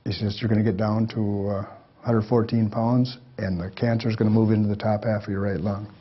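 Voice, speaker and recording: The voice is an older man's, fairly low and brisk with little pitch movement, and a bit of hiss or hum can be heard. He rambles folksily through life stories for an audience, chuckling often, in a dull lo-fi lecture recording.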